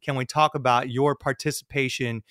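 A man's voice: mid-range voice, steady tone, moderate pace, fairly bright tone. Man asking podcast interview questions. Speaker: podcast host.

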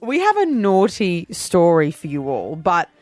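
A woman's voice: lowish voice, huge pitch swings, a little mellow, dry recording. A woman hosts a radio show, chatting in a loose, giggly way. The sound is dry and close. A faint bed of music sits underneath. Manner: giggly, storytelling, quick asides. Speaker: radio host. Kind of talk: casual on-air banter.

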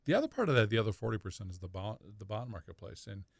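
Gravelly-voiced man talking finance. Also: lowish voice, sing-song, dry recording. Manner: rambling, halting, with filler words and restarts. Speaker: financial advisor guest. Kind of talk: radio call-in talk.

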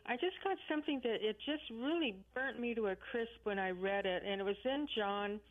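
A woman's voice: on the high side, normal speed. A woman calling in to a radio show, chatty and earnest, rambling a little as she talks. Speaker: caller. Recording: phone line.

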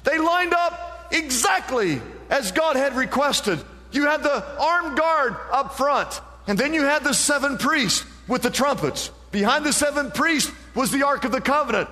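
A man preaching a sermon as pastor, with impassioned delivery that climbs higher on the points he presses. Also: animated, unhurried, sharp tone, in a large hall. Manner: impassioned preaching, rising pitch on emphasis.

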